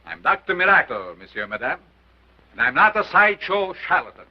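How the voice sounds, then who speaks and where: A man's voice: sits high, very animated, brisk. An actor playing a commanding showman doctor with an unusual foreign accent, declaiming to a crowd in 1930s film style. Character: sinister male showman doctor, grandiose and commanding. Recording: dull old film soundtrack with hiss.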